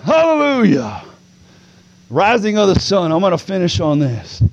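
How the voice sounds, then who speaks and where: A man preaching a sermon to a congregation. He moves from easy conversational talk to loud, drawn-out preaching with calls of "come on now". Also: high voice, lively intonation.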